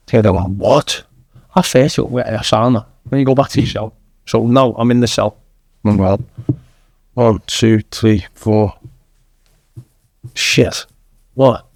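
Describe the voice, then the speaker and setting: A man's voice: medium pitch, creaky, darkish tone, no echo. A man in his thirties with a Manchester accent, telling his story as a podcast guest in a blunt, sweary way. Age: 30s. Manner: blunt, sweary, keeps saying "lad". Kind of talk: casual storytelling.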